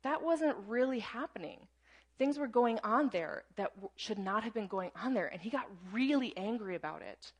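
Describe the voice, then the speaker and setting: A woman's voice: a little high, animated, moderate pace. Woman preaching in a chatty way. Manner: conversational teaching with frequent "right?" and "um". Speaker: pastor. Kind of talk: sermon.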